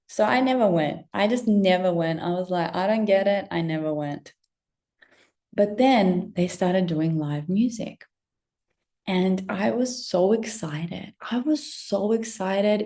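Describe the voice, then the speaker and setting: A woman telling a personal story to camera in a chatty, swearing way, dropping to whispers and jumping to high excited bursts. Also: creaky. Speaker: spiritual vlogger.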